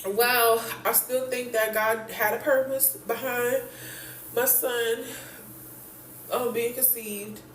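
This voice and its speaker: A woman's voice: on the high side, steady tone, slow, slight background noise. A young woman from Texas, out of breath and hurting, telling her own story in a blunt, profane, emotional way. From Houston, Texas. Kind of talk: candid story time. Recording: echoey room, voice from a distance.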